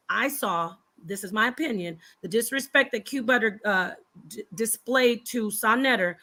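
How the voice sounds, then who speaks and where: A woman's voice: on the high side, sharp tone. A woman in a heated confrontational argument on a panel, trading insults. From Phoenix, Arizona area.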